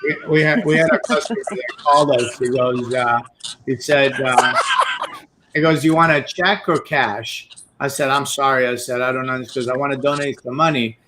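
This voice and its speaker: A man who owns a restaurant, telling a story in an earnest, grateful way as a talk show guest. His voice is mid-pitched. Faint noise runs under the recording. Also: fairly even intonation, fairly quick. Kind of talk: casual talk show chat.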